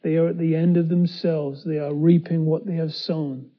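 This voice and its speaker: A high-pitched man preaching a sermon and retelling a scripture story. He acts out the characters, going from loud to hushed. The recording sounds a little dull. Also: level tone, normal speed. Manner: dramatic, voicing the characters with swings from loud to hushed.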